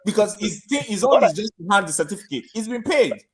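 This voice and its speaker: Male co-host, lively and exclamatory, talking politics casually. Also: high-pitched, fast, slightly rough. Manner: animated, exclaiming. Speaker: podcast co-host.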